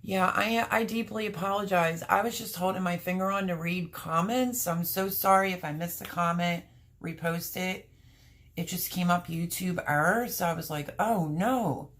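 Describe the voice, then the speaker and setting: A woman hosting her homestead livestream, chatting casually with viewers, apologetic, emotional and flustered, her voice rough and a little choked up. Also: lowish voice, steady tone, moderate pace, a bit bright. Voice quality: rough, gravelly voice. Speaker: homestead channel host.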